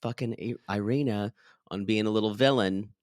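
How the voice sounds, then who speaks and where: A man co-hosting a podcast, recapping a reality show in a gossipy, sarcastic, animated way. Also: fairly low pitch, moderate pace, dry recording, clean studio sound. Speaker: podcast co-host. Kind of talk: casual recap chat.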